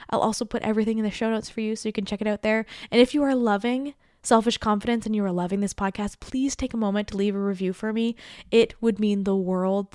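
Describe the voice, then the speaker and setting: A woman's voice: medium pitch, no room sound, clean studio sound. Earnest, encouraging woman podcast host. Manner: warm, emphatic, encouraging, speaks directly to listener. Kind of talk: heartfelt solo podcast pep talk.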